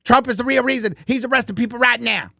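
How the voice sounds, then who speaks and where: A man doing a mocking impression of a woman ranting off-topic at a hearing, in a high cartoonish voice. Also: fast talker, creaky, bright, forceful tone, no echo, clean studio sound, heavily acted.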